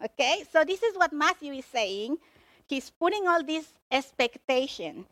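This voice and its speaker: Slow, high-voiced woman preaching. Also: no echo. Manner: emphatic, expressive storytelling. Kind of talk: sermon.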